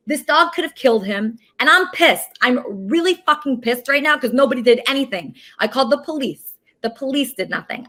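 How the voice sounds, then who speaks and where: A woman's voice: sits high, bright, forceful tone. A woman hosting her own online show, delivering an indignant venting monologue to viewers and often tacking on "okay?". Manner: indignant, frequently adds "okay?". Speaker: show host.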